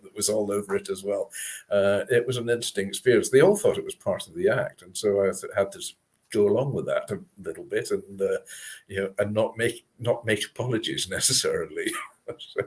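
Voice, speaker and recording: Husky low-voiced Scottish man. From Scotland. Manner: chatty, self-deprecating storyteller. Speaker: guest author and speaker. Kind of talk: casual interview chat.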